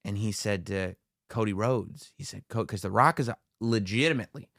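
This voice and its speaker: A man's voice: fairly low pitch, gravelly, no echo, clean studio sound. A man co-hosting a podcast, eagerly retelling events blow by blow and acting out the quoted lines. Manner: animated storyteller, acts out quotes with dramatic pauses. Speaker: podcast co-host. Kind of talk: casual podcast chat, excitedly retelling a wrestling show.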